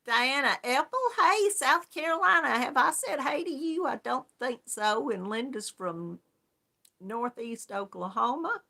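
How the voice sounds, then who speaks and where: Chatty woman with gravelly, bright voice. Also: high-pitched, expressive, a little slow. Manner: chatty, friendly, laughs often. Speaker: yarn crafts channel host. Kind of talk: casual live-stream chat greeting viewers.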